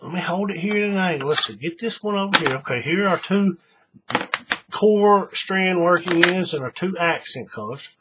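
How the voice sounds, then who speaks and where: A man hosts a hands-on craft tutorial, chatting folksily to his viewers while he works. His voice is high and animated at a moderate pace, with background noise in the recording.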